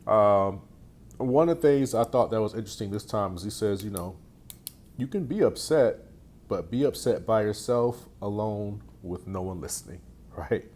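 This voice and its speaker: A man's voice: fairly low pitch, animated, normal speed, darkish tone. A man speaking casually as a real estate coach, sharing sales advice in a loose, conversational way with frequent restarts. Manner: conversational, repeats phrases and restarts often. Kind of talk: casual teaching talk.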